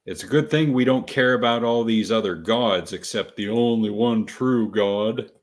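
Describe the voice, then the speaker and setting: A man co-hosting a casual podcast, reading out superstitions with deadpan, sarcastic asides. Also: lowish voice, moderate pace. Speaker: podcast co-host.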